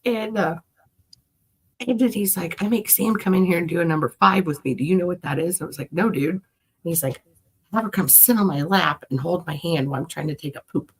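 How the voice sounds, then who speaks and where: Husky, giggly woman chatting. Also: fairly low pitch, brisk. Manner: giggly, lively storyteller. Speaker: co-host. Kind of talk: casual chat.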